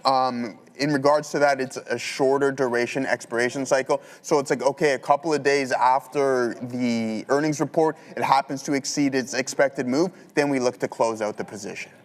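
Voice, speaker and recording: A man's voice: medium pitch, fairly even intonation, moderate pace, few pauses. A man giving casual live market commentary as a trading show host, talking through trades with fillers. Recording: long hall reverb.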